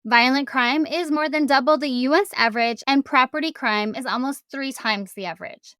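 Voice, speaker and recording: A woman host with a fairly high voice presents facts and questions clearly. Her delivery is informative. The recording is dry and close. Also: moderate pace, fairly bright tone, no echo. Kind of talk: narration and interviewing.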